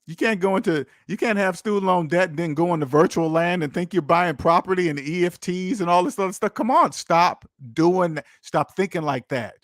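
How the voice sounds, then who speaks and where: Talking a little fast with barely a pause, this money-advice host's voice sits high. He runs his call-in show in casual language, blunt and preachy toward the audience. It's a clean studio recording without echo.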